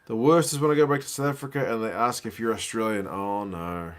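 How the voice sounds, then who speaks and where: A man's voice: fairly low pitch, fairly quick. A man with a New Zealand accent, chatting casually on a live stream as he watches a rugby match and answers viewers. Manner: chatty, reads viewer comments aloud, says bro.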